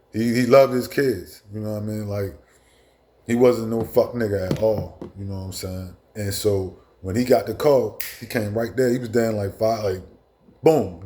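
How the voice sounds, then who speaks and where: A man in his fifties, a show host, telling a personal story in a casual, profane way with halting restarts. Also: on the low side, dark tone.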